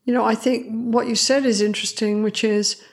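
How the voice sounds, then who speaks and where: A woman's voice: a little high, a little fast. A woman psychologist, a guest in an interview, telling stories and acting out the voices of the people in them. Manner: animated, acts out quoted voices. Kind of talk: storytelling in an interview.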